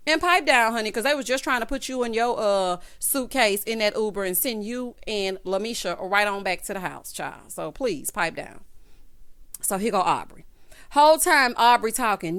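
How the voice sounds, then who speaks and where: A woman's voice: mid-range voice, pushed and bright, smooth. A young adult woman giving a casual, sassy recap of a reality show, calling her viewers "child" and "honey".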